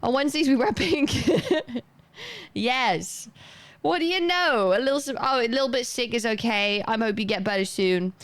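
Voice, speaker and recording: A woman's voice: a little high, normal speed, fairly bright tone, clear, resonant tone. A young woman livestreaming, chatting casually and rambling as she reads chat aloud and thanks viewers.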